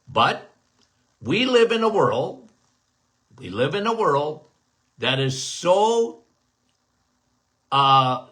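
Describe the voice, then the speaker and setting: A man's voice: fairly high pitch, sing-song, very slow, pauses often, sharp tone. A middle-aged man hosting a health Q&A podcast, talking casually and repeating phrases for emphasis as he addresses his listeners as guys. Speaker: podcast host, doctor.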